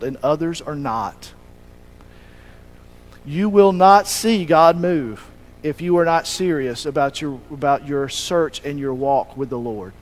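A man's voice: a little high, rough recording. A man preaching a sermon in a conversational way, asking rhetorical questions and restarting sentences as he goes. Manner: restarts and self-corrects mid-sentence.

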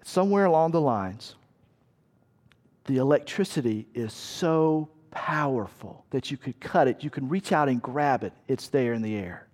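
A man's voice: mid-range voice, lively intonation, normal speed. A man preaching, leading listeners through a vivid battle scene in the second person. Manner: vivid second-person storytelling, shouting quoted commands. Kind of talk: sermon illustration.

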